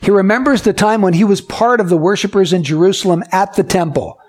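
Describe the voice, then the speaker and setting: A man's voice: high voice, fairly quick. A male pastor preaching a sermon, reading scripture aloud and then explaining it verse by verse, asking his listeners questions directly. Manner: asks the congregation questions directly.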